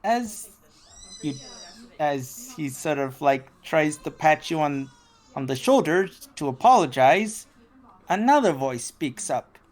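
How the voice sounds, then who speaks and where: A woman narrating as game master for a tabletop game, slow and halting with many restarts. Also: low voice, expressive, a little mellow.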